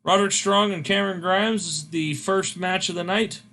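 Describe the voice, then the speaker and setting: A male host chats casually through a game playthrough, rambling with fillers. His voice is bright and sits slightly high. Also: fairly even intonation, normal speed, vocal fry, a little hiss or hum.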